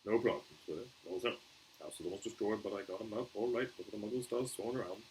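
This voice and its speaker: A man reading a storybook aloud and voicing a huge, wild, bearded giant with rough, countrified speech. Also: lowish voice, fast talker, a little mellow, slight background noise, lightly acted, low-quality recording. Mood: earnest.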